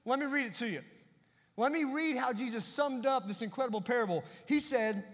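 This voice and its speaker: Pastor guy preaching, pretty high voice, big echoey church hall, gets loud then goes real quiet. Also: a little fast. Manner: emphatic preaching with swings between loud and hushed delivery. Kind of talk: sermon. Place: church sanctuary.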